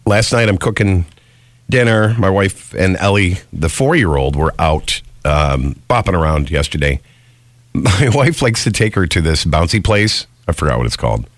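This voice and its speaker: A middle-aged man hosting a morning radio show, telling stories in casual banter with a swooping, animated delivery. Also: normal speed, no room sound. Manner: animated storytelling, swooping pitch.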